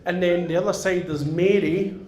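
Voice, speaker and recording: Northern Irish comic telling a story on stage. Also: male voice, sits high, normal speed. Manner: animated, swearing, tags lines with "right?". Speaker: stand-up comedian. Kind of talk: stand-up storytelling. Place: theatre stage. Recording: echoey live venue with audience.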